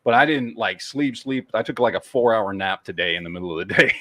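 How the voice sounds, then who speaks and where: A man's voice: lowish voice, expressive, fairly quick, sharp tone, dry recording. A man with a Texas accent hosting a casual podcast chat, rambling and swearing freely. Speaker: podcast host.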